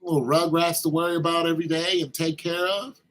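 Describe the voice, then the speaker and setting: A man's voice: a little high, level tone, a little fast, fairly bright tone, poor audio. A man vlogging a rambling, teasing comic monologue that turns to preachy advice.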